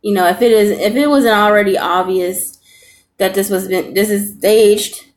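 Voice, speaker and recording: A woman's voice: mid-range voice, moderate pace. A young woman reacting to a video in casual, earnest commentary, repeating her points for emphasis.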